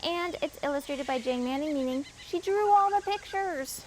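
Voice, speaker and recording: A woman reads a children's picture book aloud in a high, bright-pitched voice, turning to the young listeners with questions between pages. Her storytime delivery is expressive. Faint outdoor sounds with birds drift in behind her. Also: moderate pace, a little hiss or hum, low-quality recording. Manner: expressive reading with asides to the children. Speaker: children's librarian.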